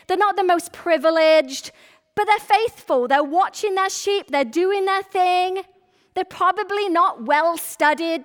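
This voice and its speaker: A woman's voice: very high voice, fairly bright tone, big-room sound. A woman pastor preaching a sermon in a church, talking casually and acting out little quoted asides. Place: church sanctuary.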